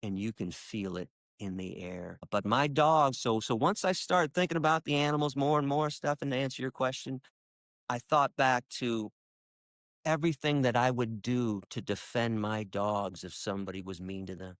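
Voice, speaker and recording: At a normal speed and in a clean, echo-free studio recording, a man living in Michigan talks passionately about animal rights in an interview. His impassioned, conversational stories are emphatic, with quoted dialogue acted out through sharp pitch jumps.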